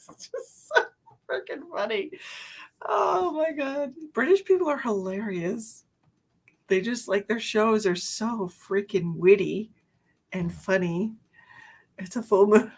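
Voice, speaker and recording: A woman's voice: mid-range voice, slow, a little mellow. A middle-aged woman hosting a live stream as a psychic medium, chatting casually and laughing often.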